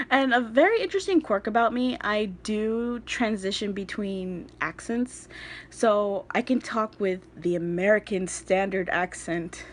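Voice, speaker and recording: Chatty young woman introducing herself. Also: mid-range voice. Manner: chatty and rambling, with laughing asides. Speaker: craft vlogger. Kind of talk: casual self-introduction. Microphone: phone recording.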